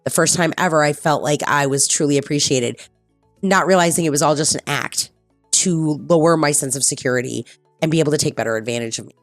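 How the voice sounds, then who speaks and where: A woman's voice: low-pitched, fairly quick, no echo, faint music behind. A woman streamer talking candidly and bluntly in casual chat, swearing freely and repeating herself for emphasis. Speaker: streamer host. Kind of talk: casual personal talk.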